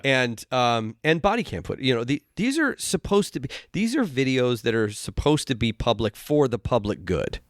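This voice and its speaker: A man hosting a casual podcast chat, talking haltingly with frequent restarts and sighs. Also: medium pitch, very animated, dry recording, studio quality. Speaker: podcast host.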